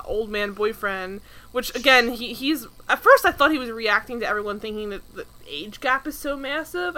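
A young adult woman co-hosting a casual podcast recap, talking in an animated way with frequent laughs and lots of "like". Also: fairly high pitch. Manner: animated, laughing, heavy use of "like". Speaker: podcast co-host recapping a TV show. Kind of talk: casual chat.

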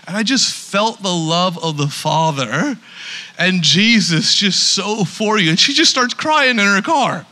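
Male pastor, high tenor, very bright and forceful, emphatic sermon delivery with restarts. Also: lively intonation, moderate pace. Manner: emphatic, repeats words when starting sentences.

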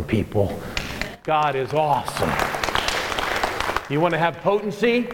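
A middle-aged man preaching a sermon as pastor, animated and rousing, calling out to his congregation. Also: medium pitch, in a large hall, a little hiss or hum. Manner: animated, rousing, calls on the crowd.

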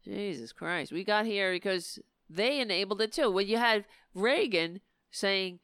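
A woman hosting a live political talk stream, speaking in impassioned, emphatic bursts and sounding a little hoarse. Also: mid-range voice, animated, normal speed, few pauses, a bit bright, dry recording, studio quality. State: losing her voice. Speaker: political talk show host.

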